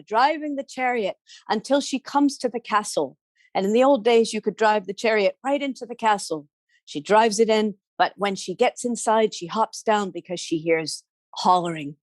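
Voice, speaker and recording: Woman storyteller, lively telling, dry close mic. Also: medium pitch, normal speed, no echo. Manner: animated, with sound effects and asides to listeners. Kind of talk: oral folk storytelling.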